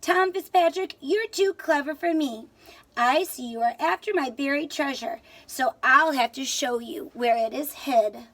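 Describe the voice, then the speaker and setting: A woman's voice: high-pitched, unhurried. A woman voicing a sly old male leprechaun shoemaker who talks sharply, in a storybook read aloud. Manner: sharp, scolding.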